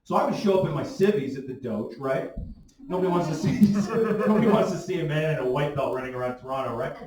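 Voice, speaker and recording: A man's voice: a little high, darkish tone. A man in his late thirties hosting a stand-up comedy show, self-mocking and chuckling through his jokes. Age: late 30s. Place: comedy club stage. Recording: echoey room, from far off.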